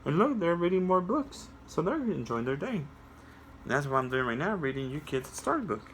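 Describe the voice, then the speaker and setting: A young man reading a picture book aloud to children, breaking off to talk to them directly in a sing-song, animated way. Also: on the high side, fairly quick, slight background noise. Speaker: children's story reader.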